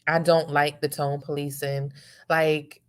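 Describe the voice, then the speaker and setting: A woman's voice: low-pitched, flat delivery, unhurried. A woman co-hosting a casual talk show, speaking passionately and emphatically. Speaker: podcast co-host. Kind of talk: casual chat.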